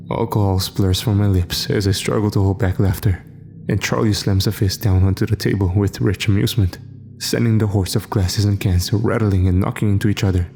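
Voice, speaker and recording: A man tells a scripted horror story in a measured, first-person way. His voice is low, and faint music plays underneath him. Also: steady tone, gravelly, dark tone. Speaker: narrator.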